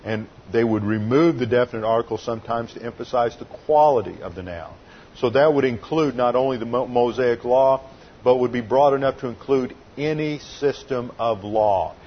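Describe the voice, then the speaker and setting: A man's voice: mid-range voice, lo-fi sound, slight background noise. Methodical male pastor teaching scripture. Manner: methodical and didactic, explaining Greek grammar. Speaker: pastor teaching a Bible study. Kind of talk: expository sermon.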